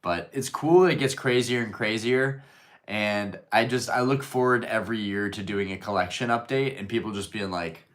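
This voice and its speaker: Reading his viewers' comments on a casual stream, a man fires back loose, joking replies full of swearing. He talks at a normal speed in a lowish voice with a fairly bright tone.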